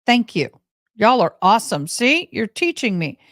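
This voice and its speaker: A woman's voice: medium pitch, moderate pace, no echo, clean studio sound. Chatty Texan woman telling a story. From Texas, USA. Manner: chatty, animated, talks to viewers as y'all. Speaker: livestream host. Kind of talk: casual storytelling to live chat.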